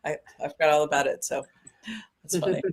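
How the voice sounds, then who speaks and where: A woman's voice: deep voice, fairly even intonation, quick pace. A woman in her fifties from upstate New York, chatting as a guest over a video call, laughing often and restarting her sentences. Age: 50s. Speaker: guest musician. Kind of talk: casual chat.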